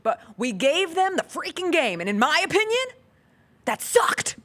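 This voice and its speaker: A woman hosting a sports talk show, trading wry, quick banter and laughing often. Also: high-pitched, sing-song, fairly bright tone. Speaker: sports radio host. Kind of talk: casual sports chat.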